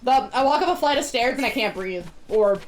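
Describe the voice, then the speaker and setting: A woman's voice: a little high, animated, a little fast, a little hiss or hum. A woman streaming a video game, chatting casually in a rambling way and laughing often. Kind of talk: casual chat while gaming.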